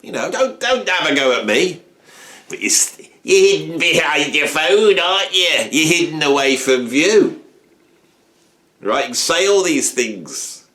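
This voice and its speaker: A man, talking to camera on his music channel in an animated, rambling, self-mocking way. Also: on the high side, unhurried. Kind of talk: casual talk to camera.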